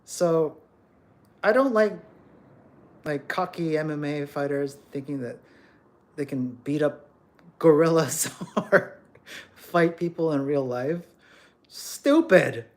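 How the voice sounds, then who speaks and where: A man's voice: a little high, measured pace, long pauses, darkish tone. A man hosting a livestream, ranting bluntly and emphatically, often repeating words as he scolds. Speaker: livestream host.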